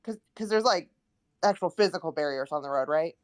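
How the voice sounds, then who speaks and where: A woman's voice: low voice, lively intonation, a little fast, dry recording. Upbeat woman player, dry sound. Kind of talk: casual chat.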